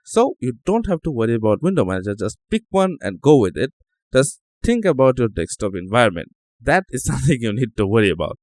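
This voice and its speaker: A man's voice: medium pitch, very animated, fairly quick, darkish tone, no echo. A man hosting a tech channel, talking casually over a screen recording, joking and reacting aloud to what he sees.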